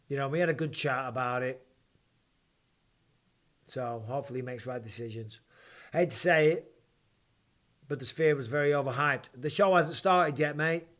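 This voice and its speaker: Excitable man hosting a live fight watch-along. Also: mid-range voice. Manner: excitable, banters with viewers, swears casually.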